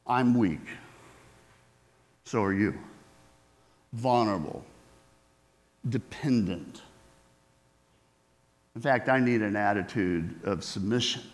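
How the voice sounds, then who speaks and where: A man's voice: fairly low pitch, takes it slowly, long pauses. A male preacher giving a sermon in a conversational way, often asking his listeners questions. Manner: conversational, asks the audience questions.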